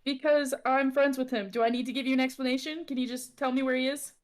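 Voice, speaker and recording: A woman's voice: high-pitched, steady tone, quick pace, a little hiss or hum. A woman playing a tabletop game, blunt and exasperated in character. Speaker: player. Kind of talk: tabletop role-play in character.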